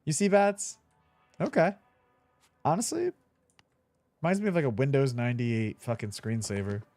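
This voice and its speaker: A young streamer chats casually during a let's-play, laughing easily and swearing now and then. His mid-range voice is expressive and darkish, at a normal speed, with soft music in the background.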